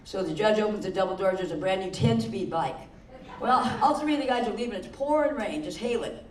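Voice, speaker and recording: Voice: medium pitch, lively intonation, brisk. An older performer telling jokes at a talent show, self-deprecating and openly nervous, laughing at their own punchlines. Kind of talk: stand-up joke telling. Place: senior center hall. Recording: echoey hall, mic far off.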